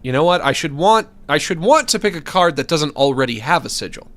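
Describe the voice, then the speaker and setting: Man, game streamer, lively pitch, self-mocking, exclaiming, faint background music. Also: brisk. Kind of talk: let's-play commentary.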